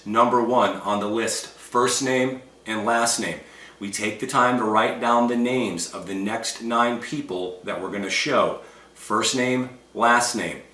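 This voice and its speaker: A confident man coaches his listeners with emphatic conviction. His voice is bright and forward, and it sits back from the microphone in a reverberant room. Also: lowish voice, recorded from a distance. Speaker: sales trainer. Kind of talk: instructional talk. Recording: echoey room, voice set back from the mic.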